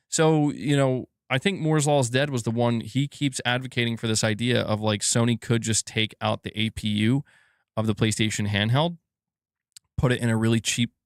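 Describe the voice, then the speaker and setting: A man's voice: on the low side, no echo, clean studio sound. A man hosting a casual gaming news live stream, rambling and swearing as he reads viewer comments aloud.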